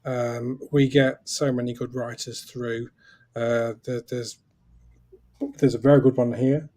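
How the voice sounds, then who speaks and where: A man with a mellow, warm voice, chatting as a guest on a video call. He promotes his magazine keenly and slips in dry jokes. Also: mid-range voice, flat delivery, a little slow. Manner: enthusiastic self-promotion with wry jokes. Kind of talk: casual live-stream chat.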